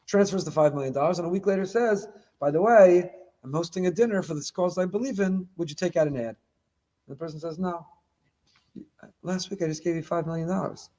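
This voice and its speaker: Middle-aged male rabbi giving a sermon, slightly high-pitched, animated and dramatic. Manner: animated preaching, acting out imagined dialogue, mixing in Hebrew quotations. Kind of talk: sermon on the weekly Torah portion.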